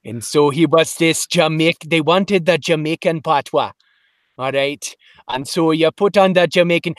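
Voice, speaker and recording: A man from Detroit, a voice actor guest on a podcast, telling lively stories in casual chat and slipping into quick voices. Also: fairly high pitch, dry recording, studio quality. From Detroit, Michigan. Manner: animated storyteller, slips into quick voices.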